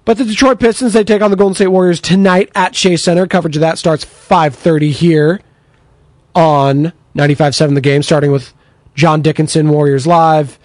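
This sports radio host has a voice on the high side and speaks a little fast, with no echo in the recording. Energetic and chatty, he works through listener texts as they come in.

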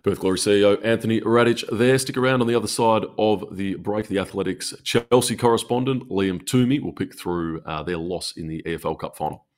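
A man, co-hosting a sports radio show and putting questions to a guest, halting with fillers. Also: on the low side, a little mellow. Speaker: radio co-host. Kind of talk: interview questions and links.

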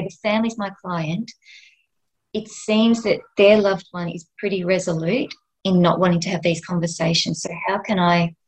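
A middle-aged woman with an Australian accent, speaking gently and with feeling as a guest in a podcast interview. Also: lowish voice, low-quality recording. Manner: gentle, emotional, heartfelt. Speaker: end of life doula and nurse, guest.

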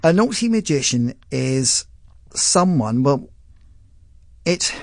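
A man with a posh southern English accent, a magician guest on a radio show, telling stories in an animated way and laughing often. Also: medium pitch, takes it slowly, gravelly, dry recording, clean studio sound. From London. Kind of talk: radio interview.

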